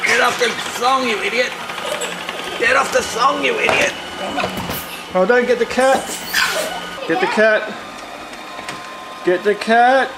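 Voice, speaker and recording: A woman's voice: on the high side, unhurried, long pauses. A woman giving playful, exclaiming commentary while filming her pets at home. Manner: playful, exclaiming, teasing pets, barking woofs. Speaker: pet owner filming her kitten. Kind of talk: casual home-video commentary. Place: holiday home, indoors. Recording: echoey room with clear background noise.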